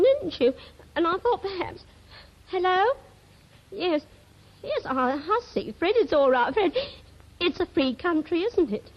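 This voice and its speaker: A woman's voice: very high voice, exaggerated voice. An actress playing a young woman on the telephone to her sailor sweetheart, clingy and jealous, chattering breathlessly in a 1930s radio comedy. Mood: fond. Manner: breathless one-sided phone chatter, fretful and pleading. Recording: dull old radio archive recording.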